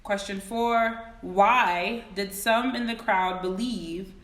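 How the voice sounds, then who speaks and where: A woman teaching Sunday school over a phone livestream. She speaks slowly with a bright, forceful tone and reads each question twice. The room around her sounds echoey. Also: mid-range voice. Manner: greets viewers by name, reads questions slowly and repeats them. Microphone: phone camera.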